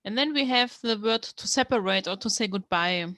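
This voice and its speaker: A woman's voice: a little high, moderate pace, fairly bright tone, dry recording, clean studio sound. Woman explaining word by word. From Germany. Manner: explains word by word, thinking aloud. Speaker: language learner teaching from a manga. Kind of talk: casual step-by-step language lesson.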